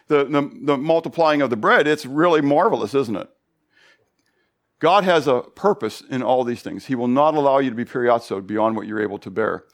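A pastor preaching a Bible study sermon, animated, full of rhetorical questions. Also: male voice, medium pitch, a little fast.

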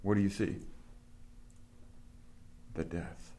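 A man with a somewhat low voice leads a small class through grammar. He asks questions and explains each point patiently. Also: steady tone, slow, dark tone. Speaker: Greek teacher. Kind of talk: classroom instruction.

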